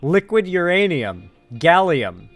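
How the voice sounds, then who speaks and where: A man's voice: sits high, big pitch swings, slow, soft background music. Joking streamer man reading chat. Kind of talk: casual live-stream commentary.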